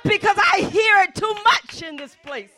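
In church, a woman pastor with an extremely high-pitched voice preaches an impassioned sermon at a moderate pace. She repeats her point forcefully and often shouts.

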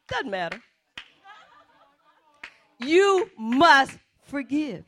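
A woman's voice: sits high, wildly swooping pitch, drawn-out words, pauses often. A woman pastor preaching an impassioned sermon in church, repeating her point with force. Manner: impassioned, repetitive preaching, often shouting.

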